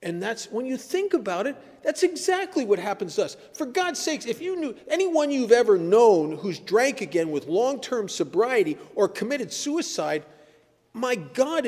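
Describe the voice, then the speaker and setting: A man's voice: sits high, darkish tone. An older man giving a personal talk at a recovery meeting, earnest and blunt, telling stories and pressing his points with sudden emphasis. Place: meeting hall. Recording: echoey hall.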